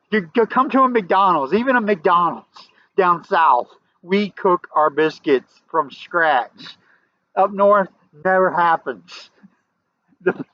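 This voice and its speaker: Southern guy vlogging, rambles and restarts, gets loud and emphatic, kinda muffled audio. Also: a little high, dry recording. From American South. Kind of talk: casual storytelling to camera. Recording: dull lo-fi audio.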